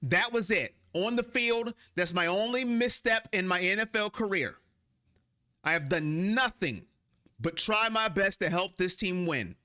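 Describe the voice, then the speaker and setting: Animated high-voiced man hosting a stream. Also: unhurried. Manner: animated, reads chat names, paraphrases a player in an emphatic voice. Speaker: sports livestream host. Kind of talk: casual fan livestream commentary.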